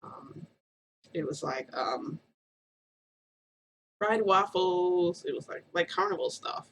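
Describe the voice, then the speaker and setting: A woman's voice: fairly low pitch, animated, takes it slowly, slight background noise, low-quality recording. A woman vlogger telling a story in a rambling, casual way, full of "like" and "um".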